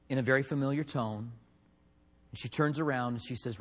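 Storytelling preacher in a reverberant hall. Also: male voice, mid-range voice, animated, fairly quick. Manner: storytelling with acted quotes, swinging between loud and hushed. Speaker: pastor. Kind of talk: sermon.

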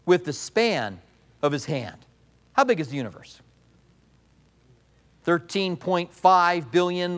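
A pastor with a high voice preaches a sermon with plenty of animation. He acts out the voices in quotations and repeats key lines for emphasis.

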